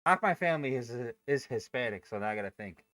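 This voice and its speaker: A man's voice: medium pitch, animated, fast talker, fairly bright tone, no echo. A man hosting a day-trading livestream, chatting casually, joking and swearing. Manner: joking, loose and profane.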